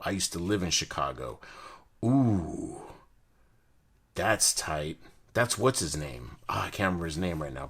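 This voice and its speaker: A young man from the United States chatting casually and excitedly while opening and reviewing card decks, full of slang and jokes. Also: sits low, breathy edge. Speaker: card collector host. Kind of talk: casual unboxing chat.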